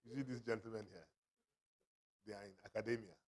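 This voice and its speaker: A man's voice: on the low side, fast talker, breathy edge. A man auctioneering at a book launch, teasing buyers and laughing often. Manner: jovial, teasing, bursts of laughter. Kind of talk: lively fundraising banter. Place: event hall.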